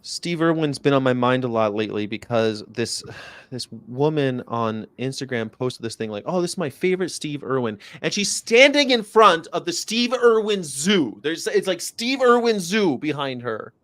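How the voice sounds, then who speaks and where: A man's voice: a little high, sing-song, moderate pace, a bit bright, dry recording. Rambling, profane man on a dry mic. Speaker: livestream host. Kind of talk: casual chat.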